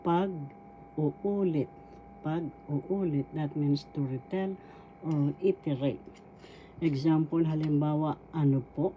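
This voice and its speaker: A woman with a Filipino accent teaching a language lesson, sounding out words slowly syllable by syllable. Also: sits low, fairly even intonation, mellow, slight background noise. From Philippines. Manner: slow, careful syllable-by-syllable pronunciation. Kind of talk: slow spoken language lesson.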